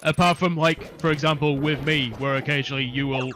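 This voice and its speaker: A man's voice: on the high side, steady tone, fairly quick, music in the background. A man chatting as a guest on a game stream, with dry, joking remarks. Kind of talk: casual chat over a game stream.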